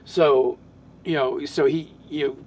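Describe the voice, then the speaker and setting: A man's voice: fairly high pitch, fairly even intonation, unhurried, darkish tone, slight background noise. Rambling man chatting about his character. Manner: rambling, many restarts and fillers. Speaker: tabletop game player. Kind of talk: casual podcast chat.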